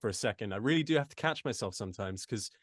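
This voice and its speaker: A man's voice: fairly low pitch, expressive, quick pace, dry recording. Man, English accent, chatty voice actor, restarts a lot, dry close sound. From United States. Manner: chatty, many restarts and asides. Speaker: voice actor guest. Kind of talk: casual interview chat.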